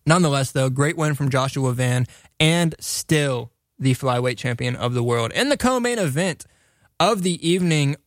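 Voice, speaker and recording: A young combat sports commentator gives a casual, enthusiastic fight recap, rambling with many fillers and restarts. His medium-pitched voice moves at a moderate pace, recorded in studio quality with no echo.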